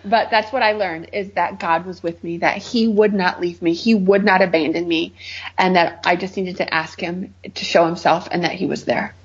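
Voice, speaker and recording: A woman's voice: fairly low pitch, fairly even intonation, normal speed, slightly rough, lo-fi sound. A middle-aged woman from Michigan sharing a heartfelt personal testimony as an interview guest. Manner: earnest, heartfelt storytelling.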